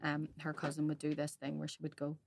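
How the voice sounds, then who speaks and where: A woman's voice: low-pitched, monotone, fairly quick, creaky, a little hiss or hum. A woman co-hosting a podcast, chatting casually and frankly, swearing freely. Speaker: podcast co-host. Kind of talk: casual chat.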